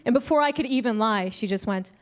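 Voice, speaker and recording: A young adult woman with a fairly high-pitched, fast voice performs a brash, punchy stand-up set on a club stage, speaking into a handheld mic. She slips into acted voices, and audience laughter rings out behind her.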